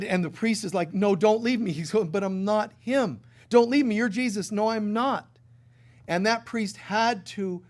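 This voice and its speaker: A middle-aged spiritual teacher preaches a sermon, telling a story with playful asides in a medium-pitched voice. He often drops soft and then rises loud.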